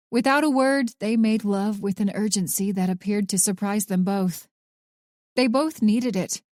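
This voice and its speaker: A woman narrating a thriller audiobook in a measured, even storytelling manner. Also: medium pitch, dry recording, clean studio sound.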